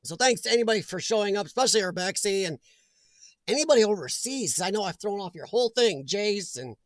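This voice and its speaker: Speaking quickly and expressively at a medium pitch, a chatty host runs a casual livestream from home, greeting viewers by name and often breaking into laughter. The mid-range voice sounds dry and close, with no echo from the room.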